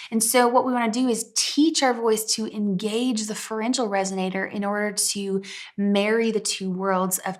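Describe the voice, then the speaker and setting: A young woman giving a singing lesson in a clear, encouraging way. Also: fairly high pitch. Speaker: vocal coach. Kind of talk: singing lesson with sung demonstrations.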